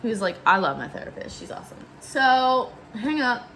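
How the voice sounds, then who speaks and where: A woman vlogger telling a story in a chatty, animated way, with lots of "like" fillers. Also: a little high, normal speed, a little hiss or hum. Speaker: beauty vlogger. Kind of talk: casual storytelling vlog.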